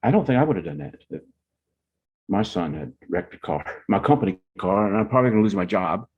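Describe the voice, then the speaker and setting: With a low, breathy-edged voice, brisk pace, and lively intonation, an older man spins meandering anecdotes for his family. He rambles through personal stories as the elder of the family, captured on a dull lo-fi recording.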